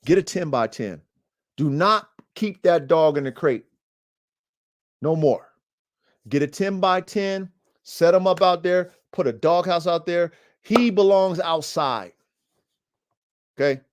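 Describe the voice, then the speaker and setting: Man, dog podcast host, animated slangy monologue, fairly high voice. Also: takes it slowly, pauses often. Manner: animated, slangy, addresses listeners as family and bro.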